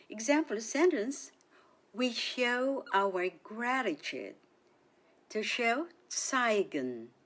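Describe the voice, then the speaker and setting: A woman leads a radio language lesson in a bright, sing-song teaching voice. She speaks very slowly and draws out each word for listeners to repeat. Her pitch swoops up and down in a lively way. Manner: cheerful, sing-song teaching delivery with drawn-out repetitions. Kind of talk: slow, clearly enunciated language lesson.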